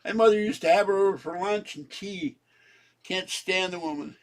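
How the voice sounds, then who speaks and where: A man's voice: sits high, normal speed. A man giving a rambling home vlog monologue, ranting and often laughing. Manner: ranting, frequently breaking into laughter. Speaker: vlogger. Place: at home indoors.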